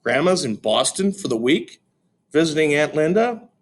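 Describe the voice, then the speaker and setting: A man reading aloud plays a gentle mother in a children's storybook, her voice lifted a little higher than his own and rising and falling in a lively way. She stays soothing and reasonable with her boys. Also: normal speed. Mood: calm, coaxing.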